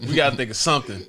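A man hosting a podcast, telling stories casually, laughing often and swearing freely. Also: mid-range voice. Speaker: podcast host. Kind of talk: casual storytelling.

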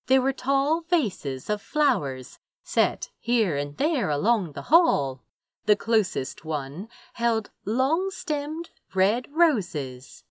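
A woman narrating a story in an unhurried, measured way. Her pitch rises and falls freely as she tells it, and the recording is dry and close with no room sound. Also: sing-song, no room sound. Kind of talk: audiobook narration.

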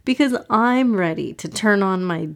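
A woman hosting a children's podcast, gently narrating a story for kids. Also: medium pitch, expressive, normal speed, heavy background noise.

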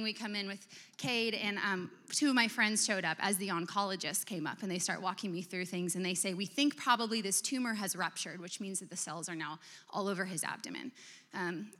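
A woman in her thirties giving a sermon, telling a personal story in an expressive, emotional way. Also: mid-range voice. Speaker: speaker. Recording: long hall reverb.

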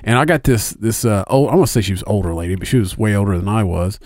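A man's voice: lowish voice, animated, quick pace, a little mellow, no echo, studio quality. A middle-aged man chatting casually as a podcast co-host, rambling through stories with many fillers and heavy swearing. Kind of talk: casual chat.

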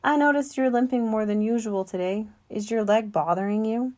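A woman's voice: a little high, steady tone, moderate pace, a little mellow, pitched above the performer's own voice, lightly acted. Weary poetic silverback gorilla, male, wistful and musing; a woman reads him.

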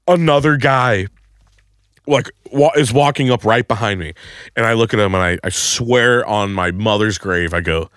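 A man co-hosting a podcast, telling a crude comedic story and shouting the quoted lines. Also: fairly low pitch, moderate pace, smooth, no echo, studio quality.

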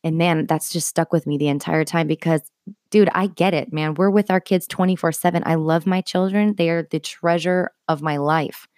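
A woman's voice: low voice, steady tone, normal speed, darkish tone, no room sound, studio quality. A woman in her thirties hosting a podcast, giving an earnest, heartfelt talk of faith-based encouragement with casual asides. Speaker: podcast host.

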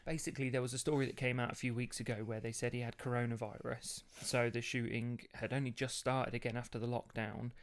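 A man's voice: mid-range voice, flat delivery, fast talker, few pauses. A man, co-hosting a casual podcast and telling gossip at length. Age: 30s. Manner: chatty, swears casually, tells gossip at length. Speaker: podcast co-host.

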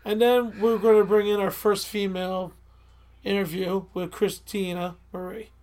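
A woman with a Delco accent from Delaware County, Pennsylvania, chatting as a podcast co-host. Her voice sits at an ordinary middle pitch. She rambles, stops herself mid-sentence and is quick to apologize. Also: flat delivery, dark tone. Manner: rambling, self-interrupting, apologetic. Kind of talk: casual podcast chat.

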